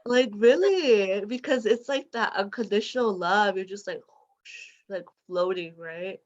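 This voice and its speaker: A woman in a group session speaking slowly and warmly gushing about her experience. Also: mid-range voice, highs cut off.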